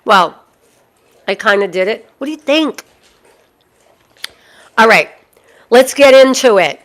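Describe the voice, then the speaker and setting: Slow, chatty woman with a Boston accent. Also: fairly high pitch, lively intonation. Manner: chatty, folksy, repeats phrases for emphasis. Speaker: dog breeder hosting a live stream. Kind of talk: live-stream chat to viewers.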